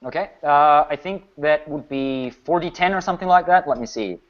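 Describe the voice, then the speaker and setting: A man's voice: on the high side, moderate pace. A man running a tabletop game as game master, narrating attacks and explaining rules firmly, with frequent restarts. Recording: muffled lo-fi recording.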